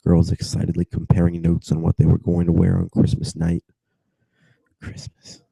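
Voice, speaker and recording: A young man getting over a cold reads a novel aloud to strangers on video chat, his low voice gravelly and dark. He reads flatly, wanders off into giggling asides and comes back to the page. The sound is dry and close on a laptop mic. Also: brisk, dry recording, low-quality recording. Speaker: reader.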